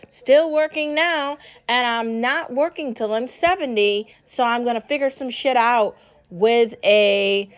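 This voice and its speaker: A young New England woman hosts a solo political podcast, ranting angrily and swearing a lot. Her voice is mid-range, and the audio sounds dull.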